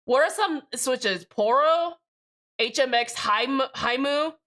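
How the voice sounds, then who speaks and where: A woman's voice: sits high, slow pace, fairly bright tone. A young woman streaming live, rambling and chatting casually with plenty of swearing.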